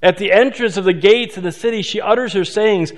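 A man preaching a sermon in a conversational way, asking rhetorical questions and slowing down for emphasis. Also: sits high. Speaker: pastor. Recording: long hall reverb.

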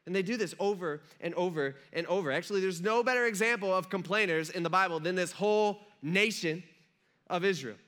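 A man's voice: high-pitched, fairly quick. A man preaching a casual, conversational sermon, often asking his listeners questions. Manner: conversational, animated, asks the crowd questions. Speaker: pastor.

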